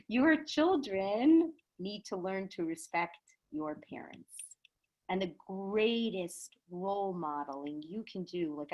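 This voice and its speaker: A woman teaching an online Torah class over a video call, telling stories in an animated, chatty way and asking rhetorical questions. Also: medium pitch, rough recording.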